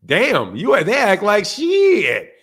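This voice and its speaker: A man hosting a boxing channel, delivering a loud, profane, fired-up rant in casual stream talk, laughing between points. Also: high-pitched, huge pitch swings, takes it slowly, breathy edge.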